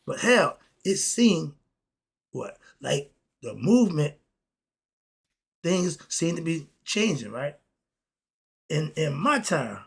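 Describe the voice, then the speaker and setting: A man's voice: fairly high pitch, breathy edge. A middle-aged man delivering an emphatic, preachy spoken rant as the host, often asking "okay?". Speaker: commentary host.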